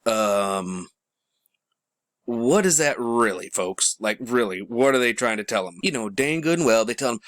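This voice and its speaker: A man's voice: fairly low pitch, normal speed, a bit bright, no room sound, clean studio sound. A man hosting a rambling commentary show, talking casually to his viewers and calling them folks.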